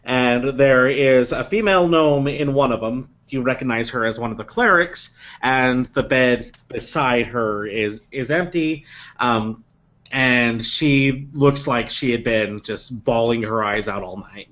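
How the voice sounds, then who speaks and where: Slow, halting man running a tabletop game. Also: mid-range voice, fairly bright tone, highs cut off. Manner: unhurried, halting, with many ums. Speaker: game master.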